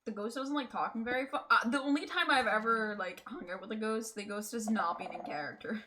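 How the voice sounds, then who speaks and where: A woman's voice: on the high side, brisk, sharp tone, a little hiss or hum. A woman streaming a game, chatting casually and playfully, laughing often. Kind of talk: casual gaming stream chat.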